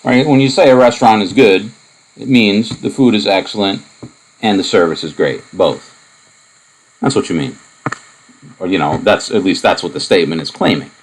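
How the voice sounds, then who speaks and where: Low-voiced man giving a math lecture. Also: moderate pace, pauses often, low-quality recording. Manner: relaxed and explanatory, with many fillers and asides. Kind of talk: recorded lecture.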